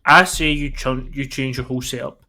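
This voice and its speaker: A man's voice: medium pitch, steady tone, moderate pace, sharp tone. A man giving colour commentary on an esports match, conversational and thinking aloud with fillers. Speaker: esports analyst.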